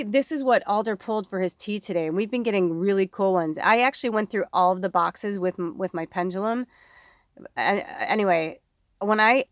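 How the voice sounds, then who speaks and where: A woman medium giving a casual tarot reading, talking in an excitable, emotional way and swearing freely. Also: mid-range voice, no room sound, studio quality. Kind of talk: casual spiritual reading chat.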